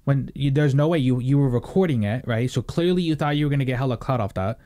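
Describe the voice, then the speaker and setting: A young man hosting a casual podcast chat, talking in a rambling, animated way with plenty of swearing and fillers. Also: medium pitch, quick pace. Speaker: podcast host.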